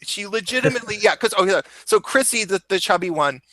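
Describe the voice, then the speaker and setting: A young man with a high, bright voice hosts a loose group chat, telling a story with lots of laughter and sudden leaps in pitch as he acts out quotes. The sound is close and dry, with no room echo. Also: lively intonation, quick pace. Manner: swears casually, laughs often. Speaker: host.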